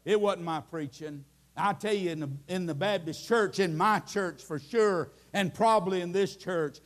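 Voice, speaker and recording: An older man preaching an impassioned sermon in a church, telling folksy stories and rising into shouts. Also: high-pitched, normal speed. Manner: impassioned, climbing into shouting at the peaks; folksy storytelling with many restarts. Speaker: Baptist preacher.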